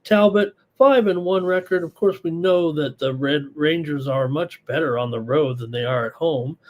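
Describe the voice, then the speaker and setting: A hoarse man hosting a live sports betting show, thinking aloud through picks in a rambling, casual way. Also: a little high, normal speed. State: hoarse, losing his voice.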